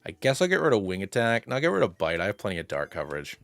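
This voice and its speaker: A man streaming a game live, rambling through his moves and excitedly thanking viewers by name. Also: fairly low pitch, racing, vocal fry, dry recording. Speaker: streamer playing a fusion monster game. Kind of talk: casual live-stream chat and game commentary.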